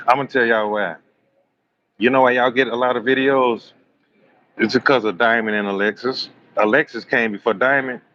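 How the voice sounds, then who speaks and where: A man's voice: mid-range voice, fairly bright tone. A man hosting a live astrology stream, chatting casually with viewers in a joking, teasing, rambling way. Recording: slightly dull lo-fi stream audio with faint room noise.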